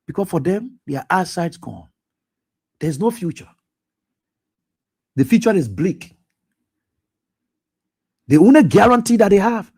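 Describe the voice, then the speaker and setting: A man's voice: sits high, big pitch swings, measured pace, long pauses, dark tone, husky. A man hosting a radio talk show, delivering impassioned, accusatory political commentary with repeated pointed questions. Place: radio studio.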